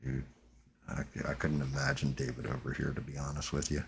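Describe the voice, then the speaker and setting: A man with a very low voice hosts a livestream, chatting in a loose, rambling way. He swears freely and keeps the talk relaxed and offhand. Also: a little fast, creaky, a little hiss or hum. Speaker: livestream host. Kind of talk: casual chat.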